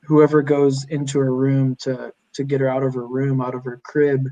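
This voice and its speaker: A young man, a podcast guest, chatting casually and telling animated stories with lots of fillers. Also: medium pitch, normal speed, muffled recording. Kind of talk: casual chat.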